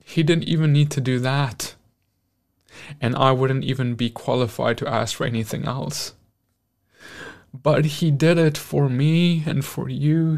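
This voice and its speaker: A male host giving a devotional, sermon-style talk, earnest and emotional, with frequent pauses and restarts. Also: mid-range voice, creaky, darkish tone. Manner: earnest, emotional, pausing often.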